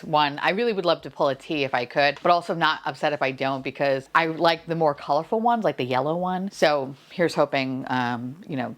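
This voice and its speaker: A young adult woman chatting casually through a toy unboxing, gushing, gasping and swearing casually. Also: low voice. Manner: gushing, gasps and squeals at each reveal, swears casually. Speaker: unboxing vlogger.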